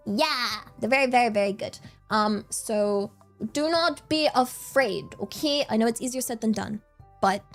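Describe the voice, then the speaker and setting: A young woman streaming and chatting casually, rambling and giggly, often repeating herself. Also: on the high side. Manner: giggly, rambling, repeats words, easily excited. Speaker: vtuber streamer.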